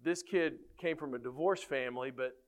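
Man, middle-aged, football coach, storytelling talk, animated, loud bursts in quotes. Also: medium pitch, moderate pace. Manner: animated, gets loud when acting out quotes. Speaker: high school football coach. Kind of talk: faith-based storytelling talk.

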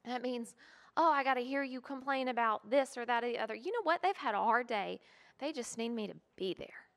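A woman's voice: on the high side, brisk, fairly bright tone. A woman giving a presentation to a church group on foster care work, earnest and a bit apologetic. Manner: earnest and apologetic, with frequent fillers. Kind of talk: presentation talk.

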